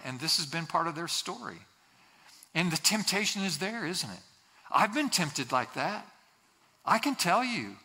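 Preaching in a church sanctuary, a man with a sharp, slightly high voice speaks earnestly as a pastor. He drives points home by repeating key phrases and occasionally performs the voices of people he quotes. The sound carries long hall reverb.

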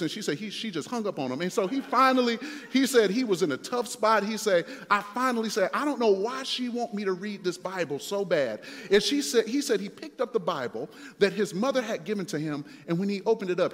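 A male pastor preaching a sermon, moving from relaxed storytelling to emphatic, building exhortation. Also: sits high, a little fast, long reverb tail.

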